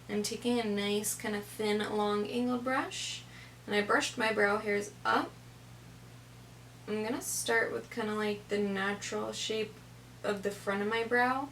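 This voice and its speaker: Gravelly young woman chatting through makeup. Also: medium pitch, fairly bright tone, a little hiss or hum. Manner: chatty, step-by-step, fillers like "kinda, like". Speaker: makeup tutorial host. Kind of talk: casual makeup tutorial narration.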